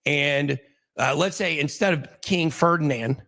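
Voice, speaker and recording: A man's voice: fairly high pitch, measured pace, sharp tone. A man hosting a casual talk show, speculating in a rambling way with many restarts and fillers. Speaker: host.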